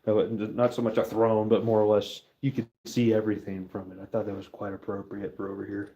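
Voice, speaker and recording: A man's voice: fairly low pitch, flat delivery, fast talker, warm tone. A middle-aged man chatting casually to camera while stamping a silver bar, joking and talking to his dog as he works.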